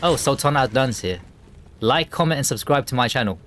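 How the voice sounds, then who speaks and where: A man's voice: medium pitch, lively intonation, brisk, background noise. A man chatting casually and joking while streaming a co-op game. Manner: joking, chatty, laughs easily. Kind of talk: casual gameplay chat.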